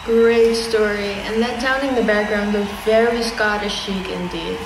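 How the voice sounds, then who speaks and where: Woman hosting a pretend contest, higher voice, echoey room, kinda far from the mic. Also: fairly even intonation, a little slow, noisy background. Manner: formal announcer tone, playful. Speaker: host. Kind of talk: mock contest presenting.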